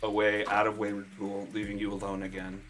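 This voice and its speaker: A man's voice: lowish voice, monotone, a little fast, fairly bright tone. A man narrating a tabletop game as game master, in a casual, meandering way.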